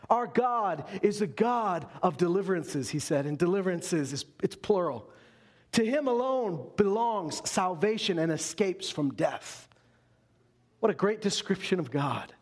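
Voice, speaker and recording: A man's voice: high-pitched, lively intonation, measured pace. A man preaching a sermon as pastor, earnest and repeating phrases for emphasis.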